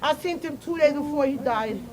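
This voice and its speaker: A woman with a high voice speaks at a moderate pace during an outdoor street protest, her grief and pleas coming out in words she repeats over and over. A loud crowd fills the background of the city recording.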